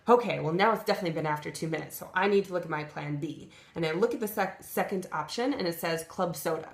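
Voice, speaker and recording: A young woman tells a comic story on her vlog in an animated, exasperated rant. Her voice sits at an ordinary pitch for a woman. The recording carries a noticeable roomy echo. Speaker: vlogger.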